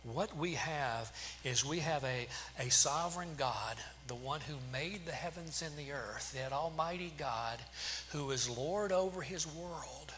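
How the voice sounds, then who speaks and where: A man's voice: fairly high pitch, measured pace, a bit bright. A man preaching a sermon as pastor, firing off rhetorical questions with emphasis. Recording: long hall reverb, faint hum.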